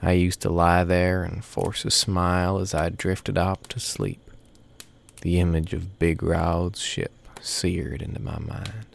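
A man narrating a first-person story in a folksy, unhurried way. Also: sits low, flat delivery, vocal fry.

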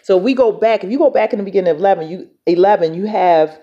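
A woman's voice: medium pitch, quick pace, mellow, dull audio. A woman preaching a podcast sermon, teaching through a Bible passage in a conversational way with frequent "right?" and restarted phrases.

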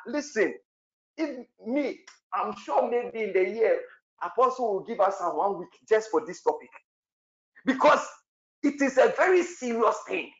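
Passionate preacher with a high, lively voice. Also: male voice. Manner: passionate, exclaiming, speaks in tongues. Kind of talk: sermon with prayer. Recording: echoey, dull lo-fi room sound.

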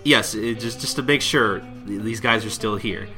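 Bright-voiced young man hosting a recap. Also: on the low side, faint music behind. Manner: animated, laughing, acts out characters in quick put-on voices. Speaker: podcast host. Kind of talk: casual chat, recapping a manga.

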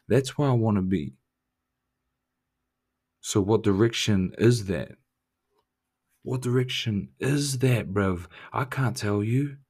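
A young man delivers a casual motivational monologue as a podcast host. He talks in a blunt, swearing, in-your-face way and pushes the listener hard. His voice sits on the low side. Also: gravelly, darkish tone. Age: young adult. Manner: blunt, profane, confrontational pep talk.

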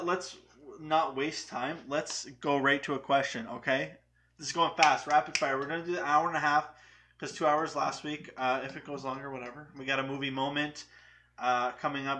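A man's voice: mid-range voice, pushed and bright, a little hiss or hum. A young man hosting a live movie news stream, chatting casually, rambling and joking with frequent laughs.

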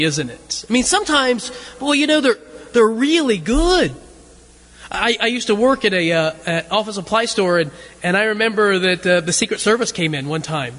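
A man's voice: high voice, fairly bright tone. A man giving a sermon as a loose, conversational story, often stumbling over and repeating his words. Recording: long reverb of a large hall.

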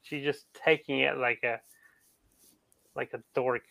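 A man's voice: medium pitch, steady tone, a little slow, vocal fry, sharp tone, dry recording, highs cut off. A man co-hosting a podcast in casual chat, hesitant and often restarting his sentences. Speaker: podcast co-host.

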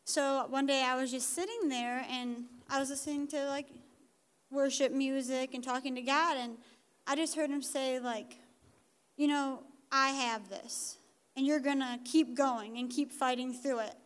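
A woman's voice: high voice, steady tone, unhurried. A teenage girl giving a casual personal testimony in church, talking in a youthful way with lots of "like". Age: teens. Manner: casual, youthful, uses like often.

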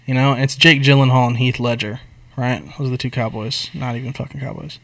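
A young man co-hosting a podcast retells a movie plot in casual chat, his mid-range voice moving a little fast. He's animated and swears his way through the story, heavy on slang.

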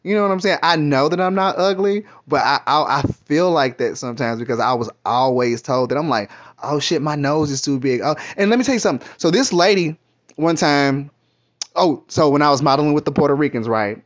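A middle-aged Kentucky vlogger rambles through candid, profane stories in a casual monologue. His voice is a little high, animated, and brisk, and the audio is muffled and lo-fi.

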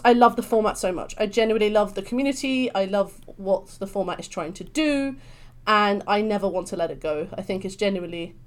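A young woman from London with a British accent, a guest chatting in an interview, bubbly and expressive. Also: mid-range voice. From London, England. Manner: bubbly, expressive, swings into animated voices. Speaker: podcast guest. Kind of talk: casual interview chat.

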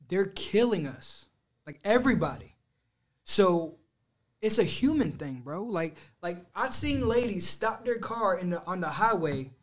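A man in casual podcast chat, animated and arguing in quick bursts. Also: high-pitched.

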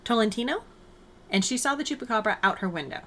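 A woman's voice: fairly high pitch, animated, fast talker, fairly bright tone, slight background noise. A woman hosting a podcast in casual chat, explaining and telling stories in an upbeat way. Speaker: podcast host.

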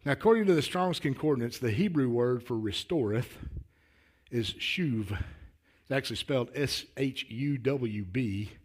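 A man preaching a sermon in a folksy, earnest way, often repeating words as he starts a thought and building to louder, emphatic declarations. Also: mid-range voice, expressive, a little slow, husky. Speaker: lay preacher.

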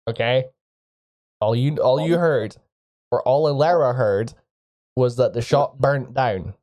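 A man from the UK running a tabletop game, excitable and profane, laughing often. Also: mid-range voice, measured pace. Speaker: game master.

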